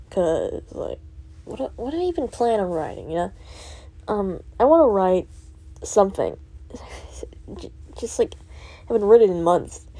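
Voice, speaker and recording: Rambling teen girl venting, mellow voice. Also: medium pitch. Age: teens. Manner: rambling, full of fillers and swearing, laughing often; drops to soft whisper at times. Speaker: student vlogger. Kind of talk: rambling personal vent.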